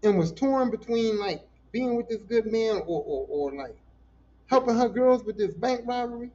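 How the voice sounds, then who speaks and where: A man hosting a casual solo podcast, telling stories in an animated, profane, emotional way. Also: sits high, moderate pace, lo-fi sound. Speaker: podcast host.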